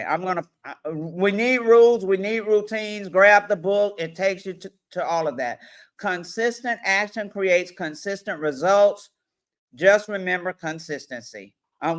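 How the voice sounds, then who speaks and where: A woman coach giving a lively workshop presentation to parents, addressing the audience directly and often checking in with them. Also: fairly low pitch. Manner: animated, acts out parents and children in quick voices; addresses audience directly with frequent "all right".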